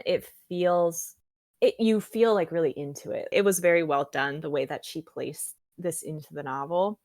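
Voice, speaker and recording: A woman's voice: on the low side, dry recording, studio quality. A young woman co-hosting a podcast, eagerly retelling a book's scenes in casual chat full of fillers. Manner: animated retelling with many fillers. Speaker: podcast co-host. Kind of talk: casual book discussion.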